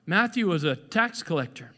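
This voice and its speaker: A man's voice: high-pitched, moderate pace. A man preaching a sermon in a conversational way, often restarting and repeating words. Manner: conversational, animated, acts out quoted voices. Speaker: pastor. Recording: echoey hall.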